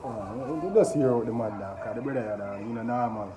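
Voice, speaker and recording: A Jamaican man hosting a casual music reaction, talking excitedly and often asking "you see me?". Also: medium pitch, a little fast. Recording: echoey room with background noise.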